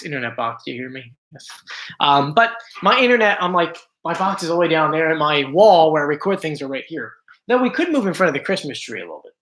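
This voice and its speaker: A man's voice: high voice, sharp tone. Chatty male live-stream host. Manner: chatty, greets viewers by name. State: slightly strained voice. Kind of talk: casual live-stream chat. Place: at home.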